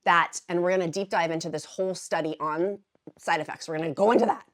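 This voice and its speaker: A woman vlogger talking casually and emphatically to her viewers, repeating words for stress and dropping into quieter asides. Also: fairly low pitch, fairly even intonation, quick pace. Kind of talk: casual explainer vlog.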